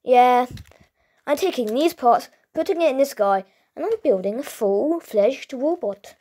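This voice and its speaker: A woman with a fairly high voice improvises a toy role-play. She drawls her lines slowly and playfully, with excitable bursts. The tone is loose and homemade. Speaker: toy video performer.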